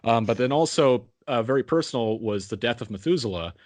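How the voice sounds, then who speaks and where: A man's voice: medium pitch, a little fast, no room sound. Man telling stories on a dry mic. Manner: animated storytelling, laughing. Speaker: podcast co-host. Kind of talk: casual fan discussion.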